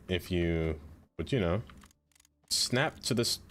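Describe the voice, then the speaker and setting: A man's voice: deep voice, animated, slow pace, fairly bright tone. A man streaming a city-building game, chatting to his viewers and talking back to the game as he plays. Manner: chatty, talks to the game and to chat. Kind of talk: live gameplay commentary.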